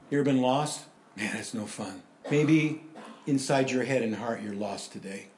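A man preaching a sermon in a conversational, animated way, swinging between loud emphasis and hushed asides. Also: medium pitch, moderate pace, echoey room. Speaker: pastor.

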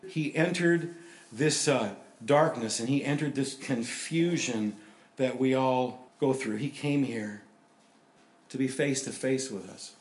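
An older man preaching a sermon, telling stories with sudden loud bursts of emphasis. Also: medium pitch, roomy sound. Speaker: pastor.

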